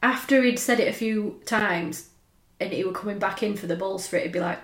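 A woman with a medium-pitched voice, speaking at normal speed, co-hosts a podcast and tells stories in a casual chat. Her storytelling is chatty, full of laughter and dialect, and the recording has a roomy echo.

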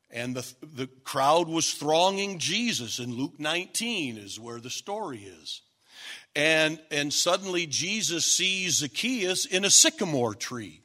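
Male preacher, high voice, unhurried sermon delivery, emphatic with shouted peaks. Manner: emphatic, rising to shouts at key points; repetitive, stacked phrases.

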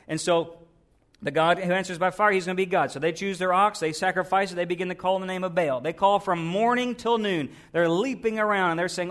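A male pastor preaching with a high, light voice. His sermon is earnest and builds to emphatic, forceful peaks. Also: fast talker.

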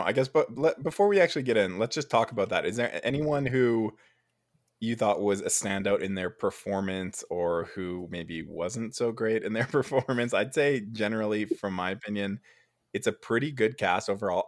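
A man's voice: fairly low pitch, moderate pace, no room sound, clean studio sound. A man hosting a casual chat about a film, talking loosely with many fillers and restarts. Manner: relaxed, hesitant with many fillers.

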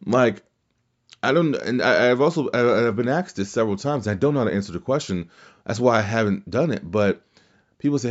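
A man's voice: lowish voice, animated, fairly quick, muffled recording. A man hosting a casual wrestling podcast, rambling through his opinions, swearing freely and restarting sentences. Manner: rambling, profane, with restarts and mimicked quotes. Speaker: podcast host.

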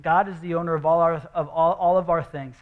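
High-voiced animated male pastor. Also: a little fast, phone-quality sound. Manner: animated, jokey, emphatic with repeated rhetorical questions. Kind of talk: sermon. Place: church sanctuary.

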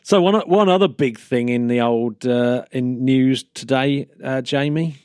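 A man co-hosting a casual news podcast, talking in a chatty, easy way with frequent laughs and restarts. His voice sits at an average pitch for a man. It is recorded close and dry, with no room sound. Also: unhurried, a little mellow, dry recording. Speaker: podcast co-host.

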